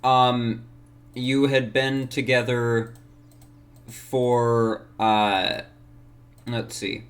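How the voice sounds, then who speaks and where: Brief: male game master, mid voice, slow and careful, lots of pauses. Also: mid-range voice, little pitch movement. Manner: slow, deliberate, pausing. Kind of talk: running a tabletop game.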